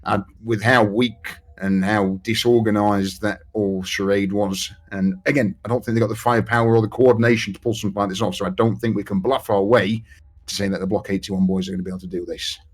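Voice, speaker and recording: A man's voice: fairly low pitch, fairly even intonation, fast. A man playing a tabletop role-playing game, rambling and swearing as he plans with the group. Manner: rambling, swears often, lots of fillers. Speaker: player. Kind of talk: casual tabletop play chat.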